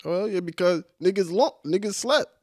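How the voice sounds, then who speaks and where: A young American man co-hosting a casual chat, blunt and animated, with a lot of profane banter. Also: high voice, moderate pace, no room sound, studio quality. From United States.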